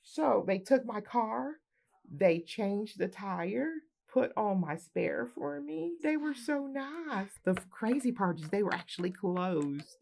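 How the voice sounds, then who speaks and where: Woman, military veteran, personal anecdote, gravelly voice, lively, laughs often. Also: mid-range voice, slow pace. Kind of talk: personal anecdote told to camera.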